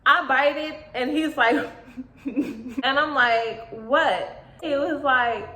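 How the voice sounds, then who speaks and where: A woman's voice: sits high, slow pace. Chatty young woman vlogger, echoey room. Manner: chatty, animated retelling with slang. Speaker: YouTube vlogger. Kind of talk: casual storytime vlog.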